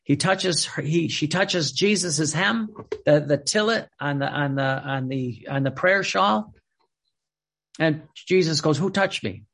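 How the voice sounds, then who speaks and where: A man's voice: a little high, measured pace, creaky, fairly bright tone. A man preaching a sermon in an emphatic, repetitive way, often restarting his sentences.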